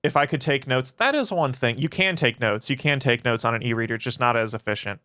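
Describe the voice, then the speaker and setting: A philosophy channel streamer, male, casually fields chat questions on a livestream, swearing a lot and rambling through his replies. His medium-pitched voice is animated, quick, pushed and bright, clear and resonant. The recording is dry and studio-clean.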